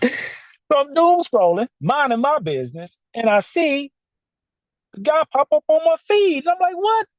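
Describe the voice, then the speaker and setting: Brief: animated male podcast host, chatty and laughing, in a dry studio. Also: extremely high pitch, measured pace, long pauses, no echo. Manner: animated, laughs often, talks straight to listeners. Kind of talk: casual storytelling monologue.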